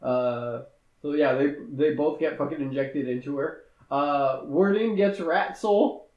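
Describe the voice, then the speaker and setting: A man's voice: fairly high pitch, unhurried, echoey room, muffled recording. A man recapping a movie in casual, profane chat, rambling with fillers and laughter. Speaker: podcast co-host.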